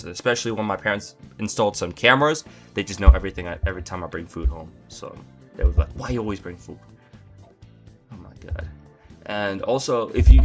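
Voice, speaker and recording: A young man doing a comedic rant to camera, exasperated and incredulous, with exaggerated outbursts. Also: lowish voice. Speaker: comedy vlogger.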